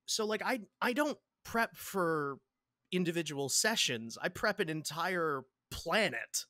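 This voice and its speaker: Bright-voiced rambling man, podcast guest. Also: a little high, lively intonation, slow, dry recording, studio quality. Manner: rambling, repeats words, laughs often. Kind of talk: casual interview chat.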